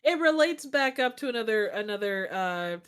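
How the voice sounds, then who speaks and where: A woman's voice: a little high, expressive, normal speed, clear, resonant tone. A woman moderating a livestream, reading viewer comments aloud, laughing and apologizing in casual chat. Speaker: stream moderator.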